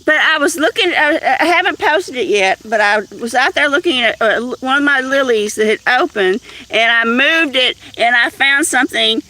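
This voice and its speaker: High-voiced woman chatting to cats. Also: moderate pace, few pauses, pushed and bright. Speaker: livestream host. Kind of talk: casual livestream chat. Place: outdoors among cats in the evening.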